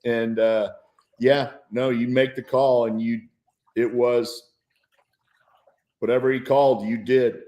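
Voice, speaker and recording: A man in his fifties, a former football player, chatting casually about games and telling animated stories with frequent laughs. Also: medium pitch. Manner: animated storyteller, laughs often. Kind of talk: casual sports chat.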